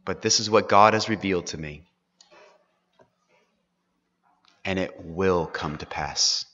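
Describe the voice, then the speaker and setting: A man voicing an aged, resigned patriarch father who speaks softly and slowly, dropping to a hush. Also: sits low, pitched below the performer's own voice. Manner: soft, slow, falling to a hush. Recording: dull, echoey hall recording.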